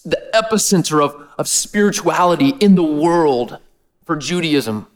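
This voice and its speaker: A man preaching a sermon in an energetic, casual way, with slang. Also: on the high side, normal speed. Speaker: pastor.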